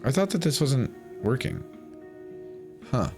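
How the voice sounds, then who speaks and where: A man's voice: medium pitch, sing-song, unhurried, a little mellow, soft background music. A man streaming a game, chatting casually with a wry, profane manner. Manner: wry, profane, swearing freely. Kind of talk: casual gameplay commentary.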